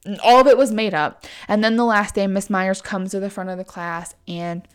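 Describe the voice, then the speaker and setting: A woman's voice: mid-range voice, normal speed, clear, resonant tone. A young woman casually telling a story on a chat show, swearing often, saying "like" a lot and acting out what others said. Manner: profane, fillers of "like", lively quoting.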